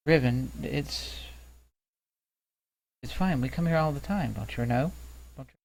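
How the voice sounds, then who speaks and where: Man voicing a calm, reassuring companion in a tabletop game; slow and low-key. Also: creaky, a little hiss or hum, rough recording. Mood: coaxing.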